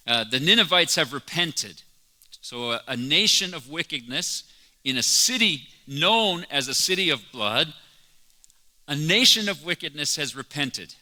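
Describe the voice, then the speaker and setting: A man preaching a conversational, wry sermon as pastor in a church. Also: long reverb tail. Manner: conversational and wry, with animated jumps in pitch. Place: church sanctuary.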